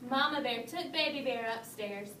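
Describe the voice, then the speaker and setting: A woman reading a children's story aloud, expressive, lifting her voice for the bears. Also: moderate pace, recorded from a distance. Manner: expressive read-aloud, raising pitch for the bears' lines. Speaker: storybook reader. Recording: echoey room, voice from off-mic, faint hiss.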